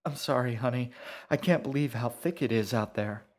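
A woman's voice: rumbling low, normal speed, darkish tone. A man reading an audiobook, voicing a frightened, confused mother who drifts between panic and a dreamy daze. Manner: pleading, confused. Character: frightened, dazed mother driving in a snowstorm.

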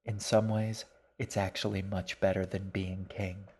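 A dreamy young queen chats fondly in a lilting, sing-song way, read out by a man. Her voice sits low and close to the reader's own, soft and unhurried in a storybook telling. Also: little pitch movement. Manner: sing-song, chatty and fond. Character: gentle, dreamy young queen, fond and talkative. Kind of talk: storybook reading.

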